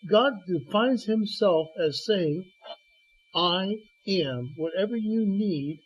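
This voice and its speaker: This man's voice sits high and carries a breathy edge; he's animated but slow-paced. He's a guest preacher on a radio show, telling Bible stories through quoted dialogue and stammered restarts. The broadcast is dull and lo-fi.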